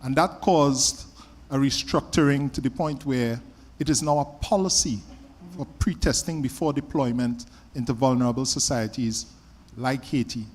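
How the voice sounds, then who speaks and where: A man speaking as a panelist, giving a measured answer with frequent restarts. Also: medium pitch, darkish tone, long reverb tail. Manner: measured, halting with repeated restarts. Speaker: panelist, former security official.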